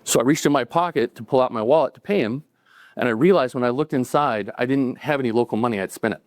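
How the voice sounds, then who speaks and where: A middle-aged man telling a personal story to a live audience, relaxed and conversational, with chuckles and acted-out quotes. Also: mid-range voice, fast, dry recording.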